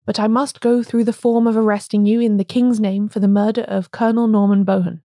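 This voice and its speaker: A woman's voice: mid-range voice, level tone, brisk, dark tone, no room sound, clean studio sound, close to an everyday voice. A woman reading an audiobook, voicing a formal male police inspector.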